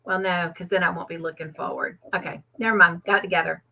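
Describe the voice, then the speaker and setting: On a home trivia livestream with dull lo-fi sound and a little hiss or hum, a woman talks quickly in a low voice with vocal fry. She is chatty and laughs frequently, thanking viewers by reading their names out from chat.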